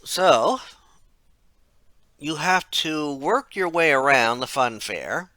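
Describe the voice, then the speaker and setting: Bright rambling male game reviewer. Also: on the high side, expressive, slow, no room sound. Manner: rambling, self-correcting, wry asides. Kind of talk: casual retrospective narration.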